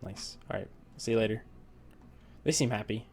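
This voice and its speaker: A man's voice: lowish voice, moderate pace, darkish tone, slight background noise. A young man talks casually at his desk while playing a farming game, drifting into long, rambling stories full of fillers. He laughs often and keeps an easy, conversational flow. Keyboard typing is heard now and then behind him. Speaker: let's play gamer. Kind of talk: casual gameplay commentary with storytelling.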